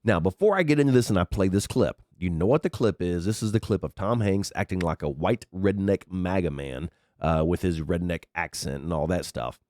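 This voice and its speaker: This is a man with a cold-thickened, very deep voice, hosting his own podcast in a loose, rambling way and cursing casually. His pitch still bounces around a lot as he talks. The sound is close and dry, recorded on a headset. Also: lively intonation, brisk, darkish tone, no room sound. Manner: rambling, chatty, swears freely. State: sick, congested with sniffles. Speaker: podcast host. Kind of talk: casual commentary monologue.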